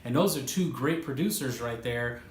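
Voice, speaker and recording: A man's voice: mid-range voice, moderate pace. Profane, laughing man in a roomy echo. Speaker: music producer and video host. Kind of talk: casual advice vlog.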